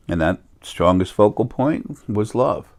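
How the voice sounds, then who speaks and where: A man with a low, deep voice speaking as a spiritual teacher. He meanders from point to point, restarts his sentences and corrects himself as he goes. His delivery is earnest and unscripted. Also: gravelly. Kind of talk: rambling spiritual monologue.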